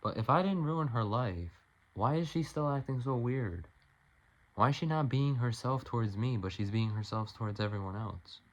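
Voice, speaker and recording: A man's voice: medium pitch, expressive, normal speed, muffled recording. A man vlogging an emotional, rambling personal monologue, often restarting his sentences and swearing when frustrated.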